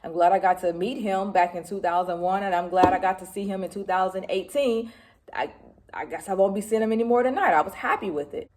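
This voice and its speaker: Animated, storytelling woman vlogger. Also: mid-range voice, a little fast. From Detroit, USA. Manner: animated storyteller, swears freely, acts out what people said. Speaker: music vlogger. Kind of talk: casual recap to camera. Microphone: phone.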